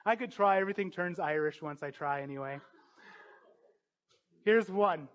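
High-pitched guy preaching, earnest and emphatic, kinda dull lo-fi sound. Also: normal speed, long pauses. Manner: earnest, emphatic, rising to forceful peaks. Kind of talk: sermon.

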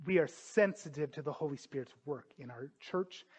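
A man preaching a sermon as a pastor, earnest and emphatic, slowing down on key phrases. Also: on the high side, darkish tone, breathy edge. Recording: dull lo-fi sound.

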